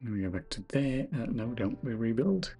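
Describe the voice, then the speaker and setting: Over faint music, a mellow mid-range male voice swings widely in pitch at a moderate pace. He streams his game dev work casually, musing aloud as he codes, fixing his own slips and bantering with viewers at his own expense.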